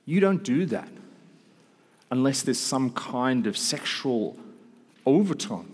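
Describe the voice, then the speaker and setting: A man in his thirties preaching a sermon to a room, with animated storytelling and quick asides. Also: medium pitch, slightly rough. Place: large hall with an audience. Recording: long hall reverb.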